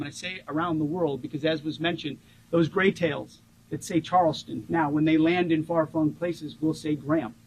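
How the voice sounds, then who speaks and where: A man in his forties giving a rousing ceremonial tribute speech as a government official, stressing key words by slowing down. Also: on the high side, breathy edge, rough recording.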